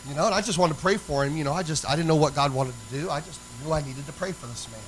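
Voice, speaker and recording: A man's voice: on the high side, expressive, fast talker, a bit bright, a little hiss or hum, low-quality recording. A man preaching a sermon as pastor, folksy and emphatic as he tells a story. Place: church sanctuary.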